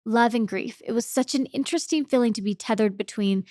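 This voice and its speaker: A young woman with a slightly high, bright voice tells a personal story as a podcast guest. She talks in an emotional, halting way and repeats her words. The sound is dry and close, with no room echo.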